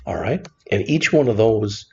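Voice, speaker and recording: A man teaching a screen-recorded programming lesson in a relaxed, conversational way, often saying "all right". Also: on the low side, moderate pace, vocal fry, muffled recording, slight background noise. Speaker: programming instructor.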